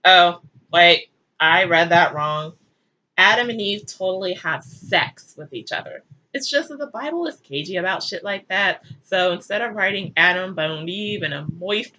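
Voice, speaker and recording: A woman's voice: mid-range voice, very animated, moderate pace, sharp tone, highs cut off. A woman reading aloud her own irreverent, crude comic retelling in a sarcastic way. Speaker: channel host. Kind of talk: comedic read-aloud retelling.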